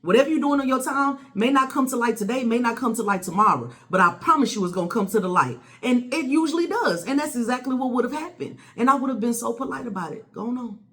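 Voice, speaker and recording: A woman, telling a personal story to the camera in a blunt, animated way with plenty of swearing. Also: a little high, quick pace, hardly any pauses. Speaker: vlogger. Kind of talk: casual storytelling.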